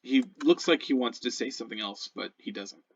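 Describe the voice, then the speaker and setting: A husky man narrates as game master, slow and soft. His voice sits at a middle pitch. The recording is a little dull and lo-fi.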